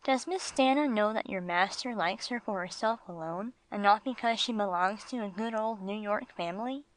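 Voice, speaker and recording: A woman's voice: mid-range voice, normal speed, close to an everyday voice. A woman voicing a polite, curious male dog who asks many well-mannered questions in an audiobook. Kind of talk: audiobook character voice.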